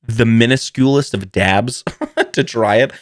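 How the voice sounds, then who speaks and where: A man's voice: medium pitch, unhurried, no room sound, studio quality. Profane, laughing male podcast storyteller. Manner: swears freely, laughs often, rambling. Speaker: podcast host. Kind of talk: casual comedic storytelling.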